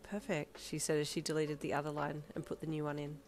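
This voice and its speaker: A woman narrating a romantic fan fiction story in a calm, even storytelling manner. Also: low-pitched, fast.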